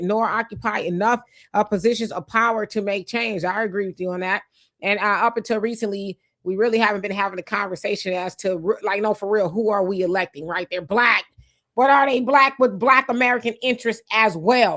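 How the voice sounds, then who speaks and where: A woman's voice: medium pitch, a bit bright. A woman hosting a livestream. She reads viewer comments aloud and answers them in an emphatic, conversational way, often asking rhetorical questions. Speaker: livestream host.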